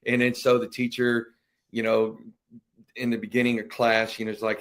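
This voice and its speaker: His voice is medium-pitched, steady, bright-ish and quick as this middle-aged veteran guests on a podcast. In a casual storytelling interview, he recounts tales with animation and voices his family members.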